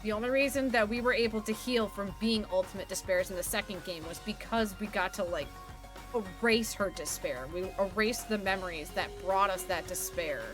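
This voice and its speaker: A woman's voice: medium pitch, fairly quick. A woman streaming a game live, chatting casually with plenty of swearing and reading the characters' lines aloud with gusto. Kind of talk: live let's-play commentary. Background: game music.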